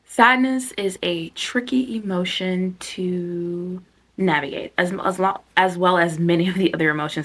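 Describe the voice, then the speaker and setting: A woman hosting a self-help video, talking casually as she guides a reflection, chatty and self-interrupting, sometimes dropping to a soft near-whisper. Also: fairly low pitch, measured pace, slightly rough.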